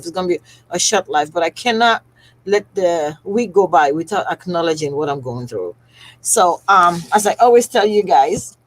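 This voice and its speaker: On the verge of tears, a woman who runs a skincare business speaks straight to her viewers in an emotional, heartfelt personal livestream. Her voice is on the low side, and the audio quality is poor.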